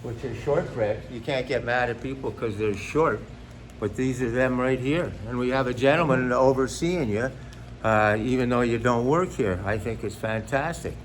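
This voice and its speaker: A man's voice: mid-range voice, normal speed, a little hiss or hum. Rambling jokey older man. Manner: rambling, jokey, full of fillers and asides. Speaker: stand-up comedian guest. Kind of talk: casual interview chat.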